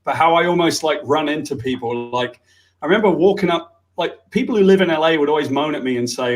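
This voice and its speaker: Guy rambling thru stories, swears a lot, voice a bit on the high side. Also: fast. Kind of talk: casual chat, anecdote.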